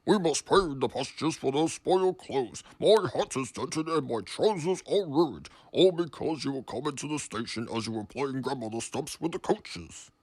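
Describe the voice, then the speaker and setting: A man voicing a stern portly male railway boss in a storybook reading, booming and blustering. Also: expressive, measured pace, no room sound. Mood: cross. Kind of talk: storybook narration.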